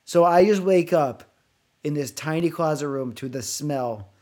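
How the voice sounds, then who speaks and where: A man's voice: fairly high pitch, unhurried. A man co-hosting a podcast, telling a long, rambling, profanity-laced story in casual chat. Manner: animated, swearing, rambling anecdotes. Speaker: podcast co-host.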